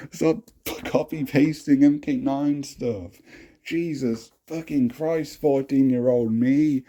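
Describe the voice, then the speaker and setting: A man's voice: mid-range voice, dark tone, breathy edge. A young adult man hosting a casual talk, cringing at his own old writing, swearing often and laughing at himself. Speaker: host.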